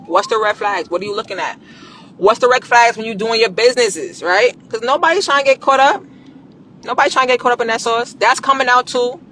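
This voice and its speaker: A woman talking casually on a live stream, coaching viewers on business and credit in a blunt, animated, slangy way and swearing freely. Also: fairly high pitch, brisk, slight background noise.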